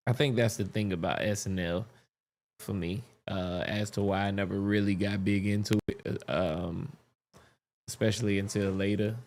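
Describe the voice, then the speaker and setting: A relaxed male podcast host talks casually between comedy clips. His voice sits low with a gravelly edge. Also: normal speed. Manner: laid-back, reacting to clips. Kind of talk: casual chat.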